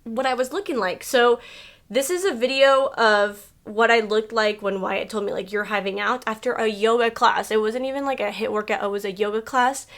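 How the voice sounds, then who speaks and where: A woman in her thirties from Mexico, sharing a hard stretch of her life in a personal vlog. Her fairly high voice runs loose and conversational, scattered with "like" and "you know". She speaks candidly and at times comes close to tears. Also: moderate pace, a bit bright. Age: 30s. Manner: chatty and candid, many "like" fillers; emotional, fighting back tears. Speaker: beauty vlogger.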